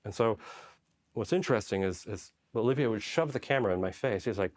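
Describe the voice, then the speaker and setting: A man's voice: fairly low pitch, animated, a little fast. A man from Poland, a Special Forces medic, telling stories casually in an interview, rambling with lots of "like" and "right?".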